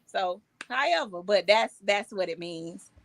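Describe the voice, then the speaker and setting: A woman's voice: mid-range voice, expressive, unhurried, vocal fry, slight background noise. A young adult woman, a southern soul singer, chatting casually in an interview and restarting her phrases as she talks.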